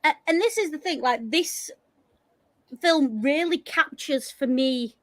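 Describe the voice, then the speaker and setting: A woman with a Yorkshire accent chatting casually on a podcast, animated and blunt, swearing freely. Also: high-pitched, a little slow. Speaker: podcast co-host. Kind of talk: casual chat.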